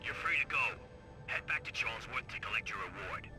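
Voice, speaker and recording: A man's voice: on the low side, animated, fairly quick, music in the background, lightly acted. A man voicing a brusque male junkyard trader in a video game, with a hammy put-on accent. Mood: curt.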